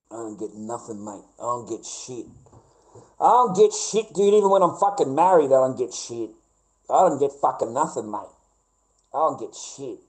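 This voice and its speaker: Speaking in a medium-pitched, slightly mellow voice on a low-quality recording, an Australian man wanders through a livestream monologue. He curses nonstop, says things over again and addresses his audience as bro and mate.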